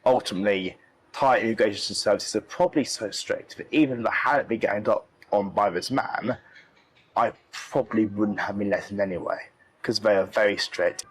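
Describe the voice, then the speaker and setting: A man's voice: on the low side, normal speed, slightly rough, poor audio. Young British man retelling an ordeal. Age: young adult. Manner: emotional, repeats himself, quotes others. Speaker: interviewee, traveller. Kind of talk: casual storytelling.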